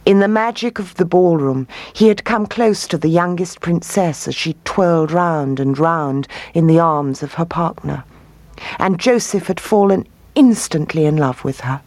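A woman reading a fairy tale aloud as storyteller, expressive and rising on key words. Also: lowish voice, unhurried, no echo.

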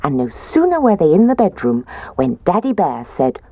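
Woman, low voice, lively storybook reading, dry close sound. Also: normal speed, no room sound. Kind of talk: reading a children's story aloud.

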